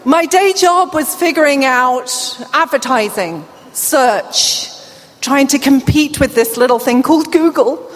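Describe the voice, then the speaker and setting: A woman's voice: high-pitched, lively intonation, unhurried, slight background noise. A middle-aged woman with a British accent and a slight deaf accent, giving a conference keynote speech and bantering playfully with the audience. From England. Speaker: keynote speaker. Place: large event hall. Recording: long hall reverb, faint room ambience.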